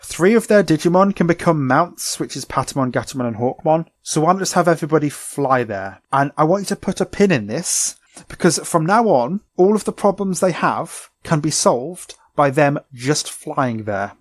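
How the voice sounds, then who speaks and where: A man, co-hosting a podcast and recapping a cartoon episode in a chatty, animated way full of "like" fillers. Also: fairly high pitch, normal speed, no echo. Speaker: podcast co-host.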